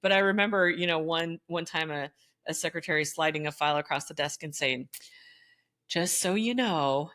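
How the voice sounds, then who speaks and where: Laughing frequently, a middle-aged woman and ex-teacher animatedly recounts school stories in a casual chat. She has a low-pitched voice and talks a little fast.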